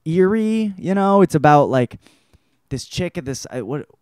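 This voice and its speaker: A young man hosting a casual solo show, rambling and swearing, with loud outbursts, tired and drinking beer. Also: a little high, expressive, normal speed, dry recording, clean studio sound. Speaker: host.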